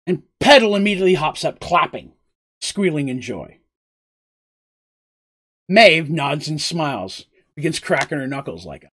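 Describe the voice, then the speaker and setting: Lively, husky male storyteller. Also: fairly high pitch, fairly quick. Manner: animated, chatty, asides to chat. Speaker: storyteller recapping a game. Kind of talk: casual storytelling on a live stream.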